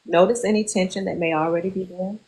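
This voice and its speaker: Leading a group in guided muscle relaxation, a woman therapist speaks in a fairly low voice, pausing between slow, calm instructions. The audio quality is poor.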